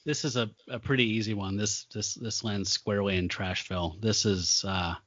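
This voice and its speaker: A man's voice: fairly low pitch, steady tone, normal speed, a bit bright, no echo, muffled recording. A man co-hosting a podcast in casual chat, dry and matter-of-fact. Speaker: podcast co-host.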